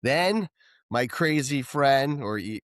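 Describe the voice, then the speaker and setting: Middle-aged male podcast co-host, rambling and enthusiastic, average pitch, dry close mic. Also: expressive, takes it slowly, no echo. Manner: rambling, enthusiastic, many restarts. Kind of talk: casual rock music chat.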